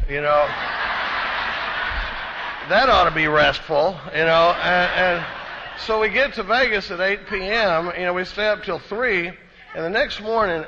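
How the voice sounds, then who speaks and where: A man from Austin with a Texan accent, telling an animated, self-deprecating recovery story to a conference crowd. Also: on the high side, noisy background. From Austin, Texas. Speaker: recovery speaker. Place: conference hall. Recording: dull echoey hall recording.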